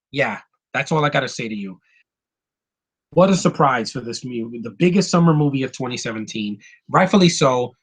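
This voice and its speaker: A man giving a casual, excitable film review, swearing freely and often restarting his sentences. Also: mid-range voice, breathy edge, rough recording. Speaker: movie reviewer.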